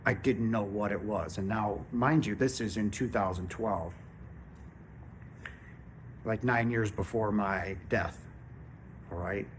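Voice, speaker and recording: Earnest low-voiced man in his fifties. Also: slow pace, pauses often, a little hiss or hum. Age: 50s. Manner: earnest, checks in with listeners often. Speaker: spiritual channel host. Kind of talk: casual spiritual monologue.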